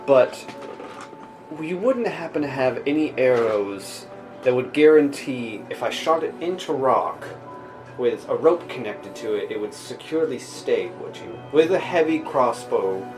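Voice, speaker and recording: A man at the gaming table speaks in character with a lively, swinging pitch. He halts and restarts his words, and music plays behind him. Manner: halting, stammering restarts. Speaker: player. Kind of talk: tabletop role-play in character.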